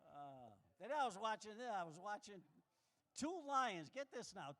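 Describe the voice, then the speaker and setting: Animated high-voiced male stand-up comic. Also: unhurried. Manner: animated, acts out quoted voices with big pitch jumps. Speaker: stand-up comedian. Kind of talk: stand-up comedy set.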